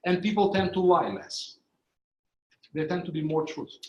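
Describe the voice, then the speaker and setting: A man's voice: sits high, animated, moderate pace, darkish tone, lo-fi sound. A man giving a training lecture, explaining ideas step by step and using live demonstrations. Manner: explanatory, illustrates with live demos. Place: conference room. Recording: echoey training room.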